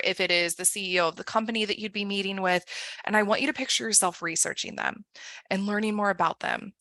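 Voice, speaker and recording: A woman career coach leading a guided visualization, upbeat, often acting out excited inner thoughts. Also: medium pitch, no room sound.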